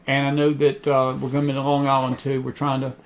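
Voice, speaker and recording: A man's voice: medium pitch, completely flat delivery, quick pace, a little hiss or hum. A man hosting an online talk show, talking in a chatty, rambling way with many fillers and restarts. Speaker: host. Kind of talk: casual talk show monologue.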